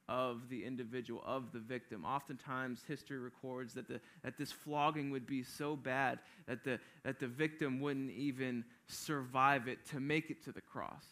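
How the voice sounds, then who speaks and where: A man's voice: mid-range voice, a bit bright. A man preaching a sermon, reading scripture aloud and explaining it in an earnest, emphatic way, often restarting his phrases. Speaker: pastor.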